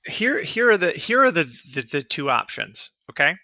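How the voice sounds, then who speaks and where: A man's voice: fairly high pitch, big pitch swings, normal speed, creaky, sharp tone, no room sound, muffled recording. A man co-hosting a casual political podcast, arguing heatedly and emphatically and swearing freely. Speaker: podcast co-host.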